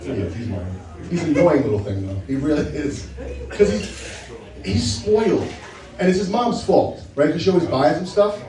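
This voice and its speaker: A man with a high voice delivers stand-up in short, punchy beats, teasing and checking in with "right?". The sound is roomy and echoey, and the mic is a bit far from him. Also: expressive, moderate pace, crowd noise. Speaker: stand-up comedian. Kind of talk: stand-up set.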